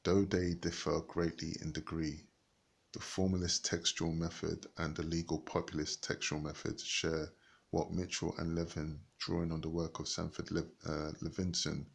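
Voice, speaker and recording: A man reading a book aloud haltingly, stopping to look up words and rereading passages. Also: low-pitched, little pitch movement, gravelly, slightly rough. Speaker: reader.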